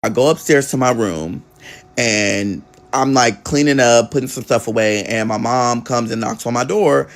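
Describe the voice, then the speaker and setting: A man's voice: medium pitch, moderate pace. A man telling a personal story in a casual vlog, candid and conversational with frequent swearing.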